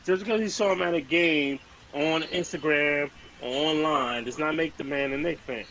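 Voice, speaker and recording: A man's voice: on the high side, moderate pace, a bit bright, poor audio. A man, co-hosting a podcast and trash-talking sports rivals with brash, repetitive emphasis. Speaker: podcast co-host. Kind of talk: heated sports banter.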